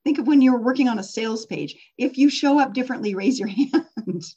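A woman's voice: a little high, fairly quick, warm tone, husky, lo-fi sound. A woman teaching a persuasion workshop in a casual, conversational way, often putting questions to her audience.

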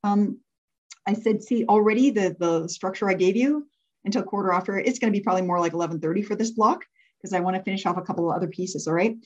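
A woman's voice: mid-range voice, fast, a little mellow. Woman, workshop leader, chatty and giggly, asks the room for hands, slightly muffled lo-fi sound. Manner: laughs often, asks the group to raise hands. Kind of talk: interactive workshop teaching.

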